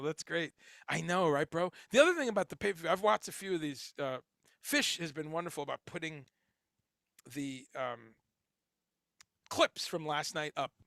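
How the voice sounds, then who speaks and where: A middle-aged man hosts a casual livestream in a gravelly, bright, fairly high voice. He rambles loosely, swears freely and reads viewer comments aloud. The sound is dry and close to the mic. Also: no echo. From grew up in Chicago and Guyana, later New Jersey. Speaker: livestream host.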